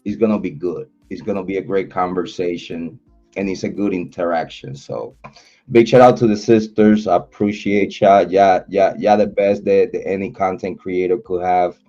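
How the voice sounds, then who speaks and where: A man hosting a livestream, chatting loosely with his viewers in a slangy, repetitive style and giving shout-outs. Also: low voice, fairly even intonation, normal speed. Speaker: livestream host. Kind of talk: casual livestream chat. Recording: dull lo-fi audio, faint music.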